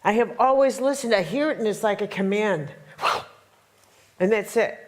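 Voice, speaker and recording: A woman's voice: medium pitch, moderate pace. A middle-aged woman telling a dramatic story to a workshop audience, emphatic and full of repetitions. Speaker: workshop teacher.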